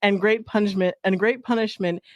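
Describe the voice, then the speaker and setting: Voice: medium pitch, fairly even intonation, a little fast, no room sound, muffled recording. Giggly podcast co-host reading aloud. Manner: giggly, laughs often while talking. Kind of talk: casual chat and reading aloud.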